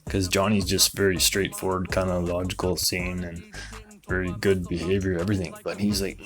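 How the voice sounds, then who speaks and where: A low-pitched man riffs through a rambling comedic conspiracy monologue, stacking fillers and asides while jumping into quick put-on voices for other people. Faint music plays underneath him. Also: flat delivery, a bit bright. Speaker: comedy show host.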